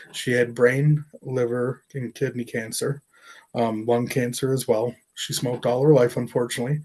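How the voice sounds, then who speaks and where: A middle-aged man, an artist, telling a personal story in an interview, earnest and emotional, halting with fillers. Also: medium pitch. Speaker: artist and professor.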